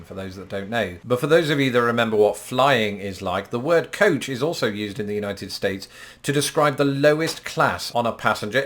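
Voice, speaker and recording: A man's voice: fairly low pitch, fairly bright tone. A man with a British accent, hosting a scripted explainer vlog from his apartment in a playful, self-mocking way. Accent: British English. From Britain. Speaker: YouTube host.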